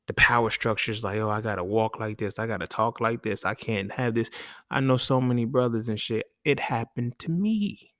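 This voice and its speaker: A man with a lowish voice delivers a frank, profane solo monologue and keeps checking in with his listeners. The recording is dry and close, with no room sound. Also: no room sound. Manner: blunt, profane, repeats "you feel me". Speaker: podcast host. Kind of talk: casual monologue.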